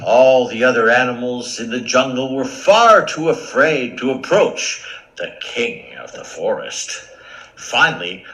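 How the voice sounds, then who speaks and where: A man narrating a fable for a shadow puppet show, playful and animated. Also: medium pitch, unhurried, poor audio. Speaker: puppeteer and storyteller.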